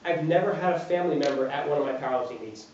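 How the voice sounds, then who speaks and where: A man gives an informal fitness talk. His voice sits a little high, and he keeps it chatty with rhetorical questions. The recording is dull and lo-fi, picked up from a distance in a very echoey lecture room. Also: racing, darkish tone, a little hiss or hum. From New Jersey. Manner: chatty, uses rhetorical questions and acted-out quotes. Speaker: fitness trainer giving a talk. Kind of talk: informal talk to a small audience.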